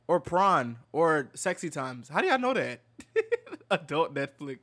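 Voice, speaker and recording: A man's voice: fairly high pitch, sing-song, unhurried, fairly bright tone. A man streamer casually reacting to video clips, laughing often, swearing freely and fumbling names.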